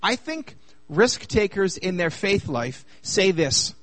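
High-voiced animated male preacher. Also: slow pace, no echo. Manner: animated, asks the audience many rhetorical questions. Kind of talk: sermon.

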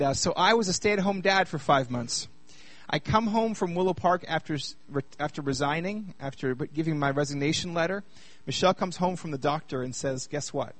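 Canadian guy in his 30s telling his story to a crowd, kinda high voice, dry close sound. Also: no room sound. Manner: lively and chatty with the audience, turning quieter while telling a hard personal story. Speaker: speaker at a youth gathering. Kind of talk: personal testimony talk to a live audience.

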